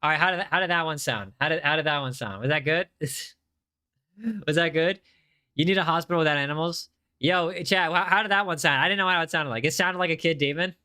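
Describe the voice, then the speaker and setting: A man's voice: fairly high pitch, brisk, pushed and bright, clean tone. A man casually chatting on a game livestream, reading chat aloud and often repeating himself.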